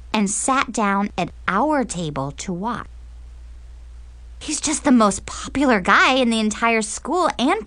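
A woman's voice: mid-range voice, fairly bright tone, no echo. A woman narrating a teen diary audiobook in the first person, sarcastic and dramatic.

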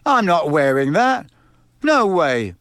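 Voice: medium pitch, big pitch swings, slow, fairly bright tone, clear, resonant tone, no echo, clean studio sound, pitched above the performer's own voice. A man voicing a stubborn, complaining teenage boy. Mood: indignant.

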